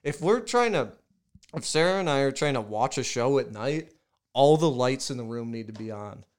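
A man's voice: medium pitch, animated, moderate pace. Casting: male podcast co-host, rambling storyteller, swears freely, loose and chatty. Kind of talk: casual chat.

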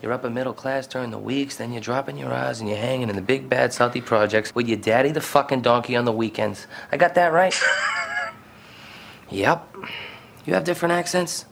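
A tense, gravelly cop boss, taunting and profane, film clip with faint noise. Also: male voice, medium pitch, fairly quick, a bit bright. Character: aggressive male police captain interrogating.

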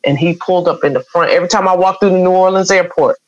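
A woman's voice: lowish voice, steady tone, fast, lo-fi sound. A middle-aged woman, earnestly telling an emotional personal story as an interview guest. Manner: emotional, earnest, acts out quoted voices.

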